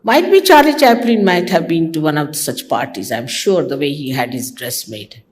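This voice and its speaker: A woman's voice: deep voice, expressive, moderate pace. An older woman from India, a spiritual teacher giving a conversational devotional talk to her followers, teasing and mimicking others. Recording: archival talk recording.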